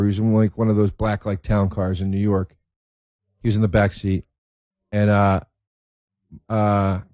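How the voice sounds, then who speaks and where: A man hosting a podcast, telling stories in a casual, profane, excitable way and laughing as he talks. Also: fairly low pitch, dry recording, dull audio. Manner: profane, excitable storyteller who laughs mid-sentence. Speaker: podcast host. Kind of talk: casual storytelling.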